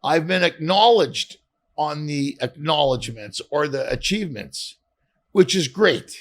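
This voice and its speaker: A middle-aged man from Canada, a comedian guest telling animated stories and acting out dialogue with swearing. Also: fairly high pitch, a little slow. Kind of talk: casual storytelling interview.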